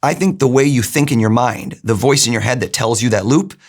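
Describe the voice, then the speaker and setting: Fairly quick and medium-pitched, a middle-aged man appears as an interview guest. A mentalist by trade, he tells his stories with animation, playing out other people's lines in conversation.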